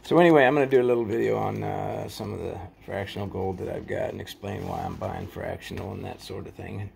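A man casually rambling through a show-and-tell vlog about his collection, halting often with fillers and folksy sign-offs. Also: lowish voice, steady tone, gravelly, a little mellow, slight background noise. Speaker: coin collecting vlogger.

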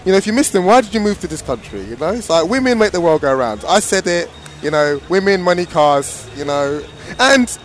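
A man's voice: high voice, animated, brisk, few pauses. A young man from England with a London accent, chatting casually as a commentator at a gaming tournament, jokey and rambling.

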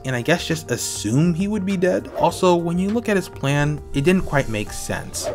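A man narrating a scripted video review in an opinionated, critical way, with faint music behind him. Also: mid-range voice.

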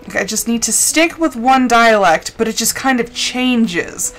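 A woman's voice: a little high, animated, measured pace, a bit bright, soft background music. A woman streamer chatting casually while playing a game, rambling with lots of filler words. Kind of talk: casual gameplay chat.

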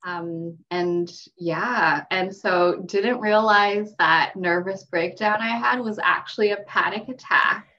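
A woman's voice: mid-range voice, slow, few pauses, pushed and bright. A young woman, a mental health clinician, telling her story as a podcast guest in a chatty way, with many fillers and frequent laughs. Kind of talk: casual podcast conversation. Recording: dull, distant remote-call audio.

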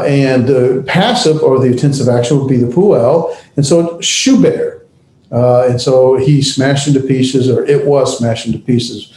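Guy teaching a class, kinda halting with lots of uhs, dark mellow voice, echoey room w/ faint hum. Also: mid-range voice. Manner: halting, many fillers and restarts. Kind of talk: classroom lecture.

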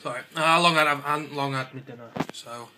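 A man's voice: mid-range voice, quick pace, noisy background. A teenage English boy chatting in a rambling, offhand way for his home vlog, joking around and slipping into silly voices. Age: teens. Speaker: vlogger. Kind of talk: casual vlog chat. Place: bedroom at home.

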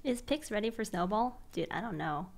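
A young woman streaming, chatting casually and excitedly with viewers, gushing and giggly with lots of slang. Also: medium pitch, a little fast, gravelly.

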